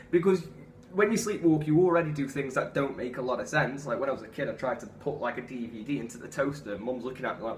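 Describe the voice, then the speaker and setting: A young man telling a comic story in an animated, profane, self-mocking way. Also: mid-range voice, brisk, a little hiss or hum. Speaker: vlogger. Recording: echoey room, far from mic, faint ambience.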